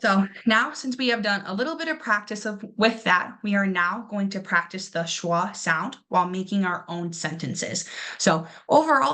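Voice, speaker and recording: A woman's voice: medium pitch, a bit bright. A young woman teaching a classroom pronunciation lesson, encouraging her students and exaggerating syllables to demonstrate them.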